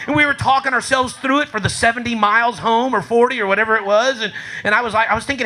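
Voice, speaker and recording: A man telling a profane, animated story on a comedy club stage, swearing and laughing through his lines. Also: very high voice, fast talker, hardly any pauses.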